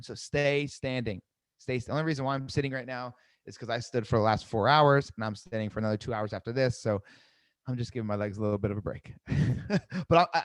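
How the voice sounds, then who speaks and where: A man coaching a live sales webinar, seated, energetic, repeating key phrases and asking "right?" often. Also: mid-range voice, no room sound. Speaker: sales trainer. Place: seated indoors at a desk.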